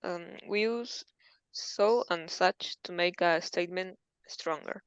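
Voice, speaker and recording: Woman student reading out english exercises, smooth but creaky, slightly muffled dry audio. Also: on the low side, slow pace, dry recording. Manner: careful reading with hesitant fillers. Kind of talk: reading textbook aloud in a lesson.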